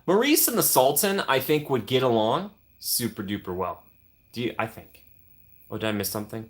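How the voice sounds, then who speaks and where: A man's voice: mid-range voice, expressive, moderate pace. A young man casually chatting on a live stream, reading and answering viewer comments with playful teasing.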